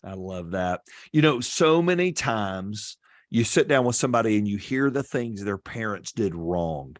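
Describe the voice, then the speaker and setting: A man hosting a podcast interview, friendly and unhurried when he asks his questions. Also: lowish voice, expressive, no room sound. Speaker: podcast host.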